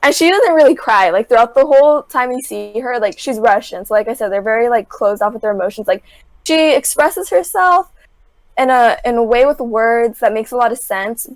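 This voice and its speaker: A woman's voice: on the high side, moderate pace, no room sound. A young woman casually retelling a reality show on a podcast, packing her talk with "like" and acting out what people said. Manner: filler-heavy, says "like" constantly; animated storytelling, acts out quotes. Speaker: podcast guest.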